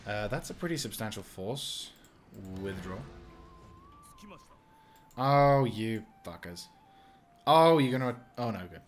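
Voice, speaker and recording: With a fairly low, animated voice, a man plays a strategy game and chats about it casually in let's-play style. He talks slowly and pauses often, rambling, swearing and dissolving into giggles, while faint music plays behind him.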